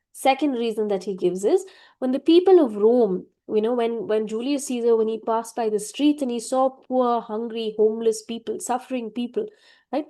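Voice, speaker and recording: A woman's voice: on the high side, dark tone. A woman teacher giving a literature lecture, reading quoted lines and explaining them, with frequent "right?" check-ins to her students. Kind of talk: classroom lecture.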